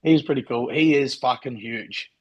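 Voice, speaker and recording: Sweary Australian man with husky voice. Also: mid-range voice, moderate pace, muffled recording. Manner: laid-back, sweary storytelling. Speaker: podcast co-host, pro bodybuilder. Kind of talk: casual chat.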